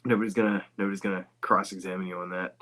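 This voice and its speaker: A man with a very deep voice that still sounds bright and forceful up front. He rambles loosely through a casual podcast chat, tossing in swears and side remarks. The talk stays relaxed and offhand. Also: very fast. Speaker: guest voice actor.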